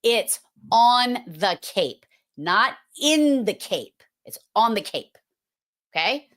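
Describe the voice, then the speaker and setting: Woman, middle-aged, livestream host, playful and teasing, slightly high voice. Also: sing-song, takes it slowly, fairly bright tone. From Massachusetts. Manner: playful, teasing, talks to the chat. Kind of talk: casual livestream chat.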